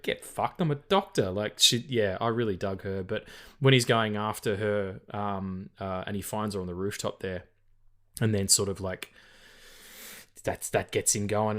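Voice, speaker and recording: A man co-hosting a casual film podcast, rambling with lots of fillers, restarts and swearing. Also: fairly low pitch. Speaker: podcast co-host.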